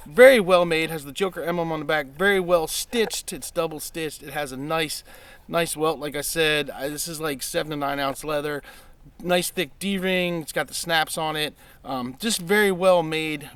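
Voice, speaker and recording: A man's voice: fairly high pitch, fairly bright tone. A man in a casual unboxing vlog, talking eagerly with many ums, restarts and repeated praise as he shows his collection. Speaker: knife collector reviewing his purchases.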